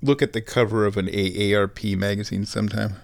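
A man's voice: fairly low pitch, fairly even intonation, a little fast, gravelly. A man around fifty hosts a casual solo show from home, rambling wryly and chuckling at his own jokes. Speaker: podcast host.

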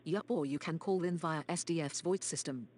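A woman with a low voice, relaxed and joking as she chats online. Faint hiss and keyboard typing can be heard behind her. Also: a little fast. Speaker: participant in an online voice chat. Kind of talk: casual chat.

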